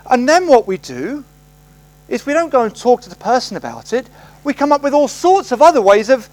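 A male preacher with a high voice that swoops and leaps expressively as he tells stories in a sermon. He talks conversationally, slipping into the voices of the people he quotes. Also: low-quality recording. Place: church service.

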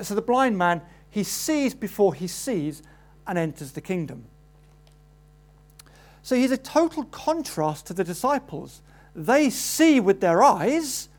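Male preacher, animated sermon delivery, voices the story's people. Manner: animated, acts out quoted voices with rising pitch.

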